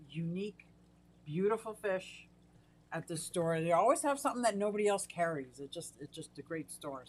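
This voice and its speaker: A woman's voice: fairly low pitch, a little hiss or hum. A middle-aged woman hosting a casual live stream from her fish room at home, chatting away and greeting viewers by name. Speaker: aquarium hobbyist live-stream host.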